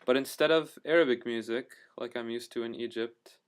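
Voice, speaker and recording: Smooth-voiced man rambling in a video diary. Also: mid-range voice, normal speed. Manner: rambling, full of fillers and restarts; enthusiastic storyteller. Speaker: travel vlogger.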